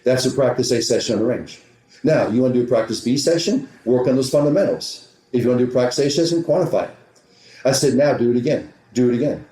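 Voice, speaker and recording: A man's voice: medium pitch, lively intonation, warm tone. A man who is a golf teaching professional, telling a story in a podcast interview and acting out the back-and-forth dialogue. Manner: retells conversations with quick back-and-forth dialogue. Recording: roomy echo.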